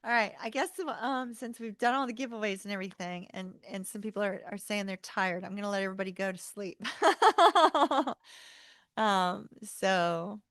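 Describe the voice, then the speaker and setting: A woman's voice: mid-range voice, steady tone, brisk, few pauses, a bit bright, clean tone, no echo, studio quality. A woman hosting a tarot channel livestream, chatting casually with viewers, laughing often and saying y'all. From North Carolina, US.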